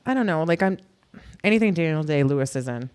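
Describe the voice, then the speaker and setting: Woman guest, casual chat, blunt opinions, expressive pitch. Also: fast talker, clear, resonant tone. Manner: blunt, dismissive, laughs easily.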